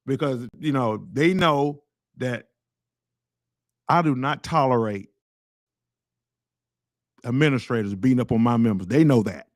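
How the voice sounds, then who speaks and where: A man's voice: medium pitch, a little slow, pauses often, no echo, studio quality. A man who leads a teachers' association, telling a story in a rambling, blunt, heated way and repeating words as he goes. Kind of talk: casual storytelling monologue.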